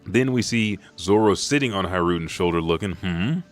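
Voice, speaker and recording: A man retelling a manga chapter in a casual, profane, excitable way. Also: sits low, fairly quick, soft background music. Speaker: manga recap host. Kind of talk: casual recap.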